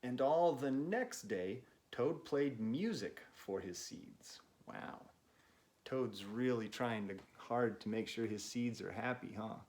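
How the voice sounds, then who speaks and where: A man reading a picture book aloud to children, with gentle chatty asides to young listeners. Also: mid-range voice, animated, takes it slowly. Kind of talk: read-aloud storytime for kids.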